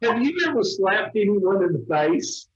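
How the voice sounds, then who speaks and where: A man with an Oklahoma accent interviewing a coworker with quick-fire questions, joking and laughing often. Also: sits high, expressive. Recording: roomy, dull lo-fi sound.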